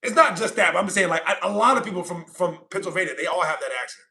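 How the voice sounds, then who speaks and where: A man's voice: high-pitched, quick pace, gravelly, sharp tone. A man from California hosting a livestream, chatting casually and reading viewer comments aloud, rambling and repeating himself with frequent laughs. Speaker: livestream host.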